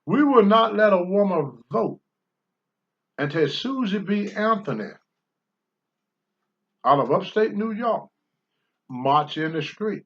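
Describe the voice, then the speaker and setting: A man's voice: sits high, animated, slow pace, long pauses, dull audio. An older man hosting a talk show, answering viewer questions in a blunt, preachy monologue and swearing freely.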